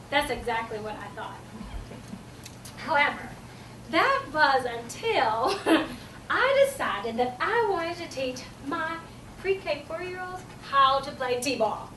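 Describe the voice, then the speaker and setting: A woman giving a humorous contest speech, animated and acting out children's voices in a stage storytelling style. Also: a little hiss or hum. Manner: animated, acts out children's voices in high squeals. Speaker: speech contest speaker, teacher. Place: event hall. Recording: roomy hall, mic from a distance.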